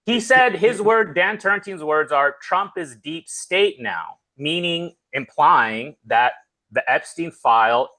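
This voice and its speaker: Halting man moderating, bright dry voice. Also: fairly high pitch, no room sound. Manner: halting, fills pauses with "uh". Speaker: show host and moderator. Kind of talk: casual political talk show discussion.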